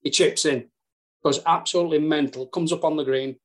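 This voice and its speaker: Yorkshire bloke spinning golf yarns, swears casually, bit high pitched. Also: male voice, brisk. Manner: animated, earthy, casual swearing. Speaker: golf caddie guest. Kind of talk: storytelling chat.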